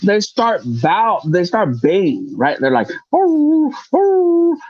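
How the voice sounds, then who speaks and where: Animated profane storyteller, lively pitch. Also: male voice, slow pace, dry recording, dull audio. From grew up in the projects. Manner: animated, profane, acts out voices. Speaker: podcast host. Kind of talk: casual storytelling.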